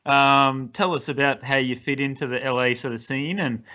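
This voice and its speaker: A man's voice: mid-range voice, fairly even intonation, moderate pace, bright, forceful tone. A man with an Australian accent hosting a podcast, asking hesitant, casual questions with "um" and "sort of". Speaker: podcast host. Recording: slightly muffled lo-fi audio.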